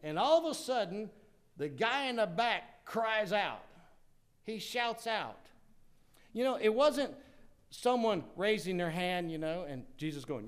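A male pastor preaching a sermon, swinging dramatically from loud declarations to hushed asides. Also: sits high, animated, a little slow, smooth.

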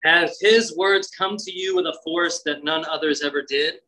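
A man's voice: on the high side, steady tone, normal speed, pushed and bright, poor audio. A man preaching a sermon, reading scripture and acting out its voices with conversational asides. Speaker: pastor.

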